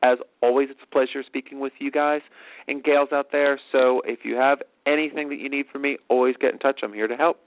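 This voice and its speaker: A man hosting a talk show, explaining things quickly in a rambling way with many fillers. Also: medium pitch, fairly even intonation, no echo. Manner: rambling, filler-heavy, fast. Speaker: host. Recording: tinny dry phone-like audio.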